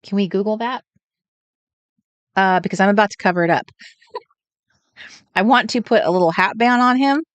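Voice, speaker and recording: This is a woman at an everyday pitch, chatting on a crafting livestream. She thinks out loud as she works and greets viewers by name. The sound is dry and close. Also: normal speed, pauses often, no echo. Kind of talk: casual live chat while crafting. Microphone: desk setup with overhead camera.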